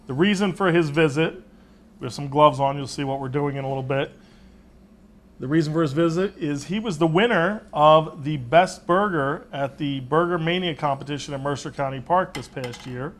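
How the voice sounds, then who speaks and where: Man, cooking show host, jokey banter, slightly high voice. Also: normal speed, a bit bright. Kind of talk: casual studio chat.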